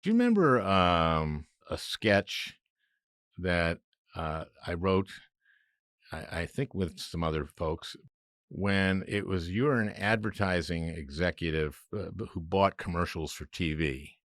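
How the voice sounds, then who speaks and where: A man's voice: deep voice, expressive, measured pace, fairly bright tone, dry recording, clean studio sound. A man hosting a podcast interview, laughing often and restarting his sentences. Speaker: podcast host. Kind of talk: casual interview.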